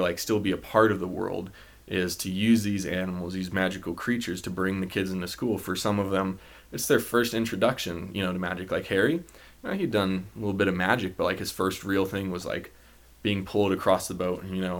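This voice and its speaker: A man's voice: sits low, brisk, a bit bright. A man talking casually on a podcast, rambling with lots of filler words.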